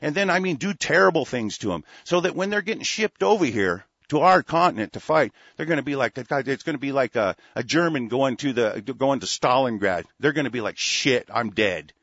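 A man's voice: medium pitch, expressive, fairly quick, few pauses, a bit bright, dry recording, highs cut off. A man hosting a talk radio show, delivering a rambling, profane, heated monologue.

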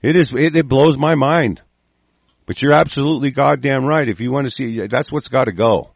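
A talk show host with a gravelly, medium-pitched voice rants angrily about politics at a moderate pace, swearing constantly and restarting as he rambles. There is no room sound.

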